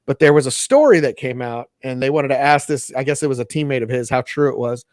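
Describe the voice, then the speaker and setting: A man's voice: medium pitch, fast talker, no room sound, clean studio sound. A man co-hosting a podcast, chatting casually and telling rambling stories with lots of energy. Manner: rambling, animated storyteller, recites old ad jingles. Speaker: podcast co-host. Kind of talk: casual chat.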